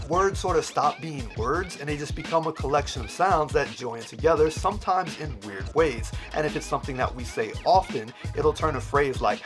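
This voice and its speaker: A man who teaches language, patiently explaining points and demonstrating examples in an educational vlog. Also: medium pitch. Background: prominent background music.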